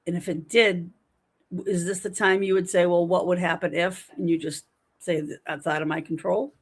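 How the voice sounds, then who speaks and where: A woman's voice: fairly low pitch, normal speed, husky. A woman in her forties hosting a casual livestream from home, chatting and rambling as she reads viewer comments aloud. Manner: chatty, rambling, animated storytelling. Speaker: livestream host.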